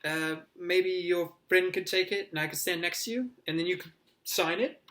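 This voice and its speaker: A man reading aloud, voicing an excitable young schoolboy who talks in a rushed, pleading way. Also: fairly high pitch, natural voice. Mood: eager.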